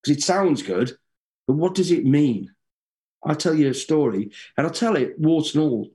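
A middle-aged man, a guest in an interview, telling stories in a lively way, swearing freely and acting out what people said. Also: fairly high pitch, normal speed. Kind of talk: casual interview storytelling.

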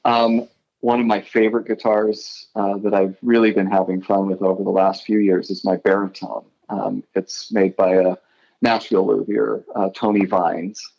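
A man's voice: on the low side, flat delivery, normal speed, gravelly, darkish tone, dull audio. A middle-aged man from Idaho, a guitarist guest, telling rambling stories in a casual interview and often correcting himself.

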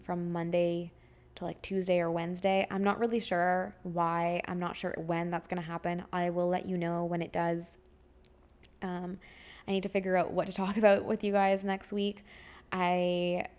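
A young woman hosts her own podcast and talks to her listeners in a loose, heartfelt way, full of fillers and restarts. Her voice sits fairly low and stays quite even in pitch. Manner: heartfelt, rambling, with many fillers. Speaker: podcast host. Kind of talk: casual solo podcast update.

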